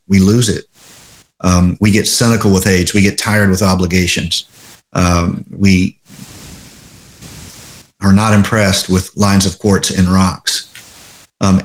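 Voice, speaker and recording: A male pastor delivering a sermon in a halting way, full of fillers and restarts. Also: sits low.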